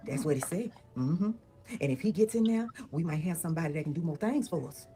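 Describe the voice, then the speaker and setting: A woman's voice: low-pitched, expressive, fast talker, warm tone. A woman playing a wary, gossiping old servant woman in a comedy sketch, talking in a folksy drawl that sometimes drops to a whisper.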